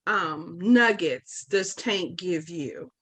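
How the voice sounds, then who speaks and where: A woman's voice: on the low side, extremely slow, a bit bright. A woman hosting a casual podcast interview, asking questions and teasing her guests in a playful way. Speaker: podcast host.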